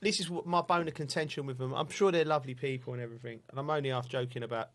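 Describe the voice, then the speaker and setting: A man, a football pundit and co-host telling stories in lively casual chat, laughing often and acting out exchanges. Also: mid-range voice, very fast. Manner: animated storyteller, laughs often, acts out exchanges.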